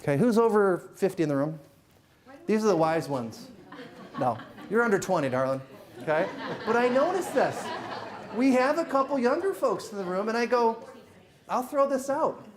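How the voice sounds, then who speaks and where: A middle-aged man working a live audience as a motivational speaker, his pitch leaping up and down as he jokes. He teases the room with rapid questions and playful asides. The delivery is loose, lively and conversational. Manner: animated, jokey, teasing the crowd with quick questions. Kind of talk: live stage talk to an audience.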